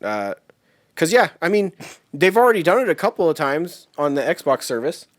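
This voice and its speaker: A man co-hosting a casual gaming podcast, laid-back and quick to laugh, swearing casually and often answering with short agreements. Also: on the high side, big pitch swings, no echo, clean studio sound. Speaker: podcast co-host. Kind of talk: casual chat.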